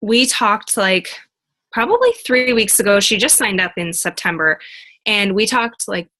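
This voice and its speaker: A woman's voice: mid-range voice, lively intonation, measured pace, sharp tone, low-quality recording. A woman coach in casual talk, upbeat and laughing, acting out what others said to her. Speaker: team coach.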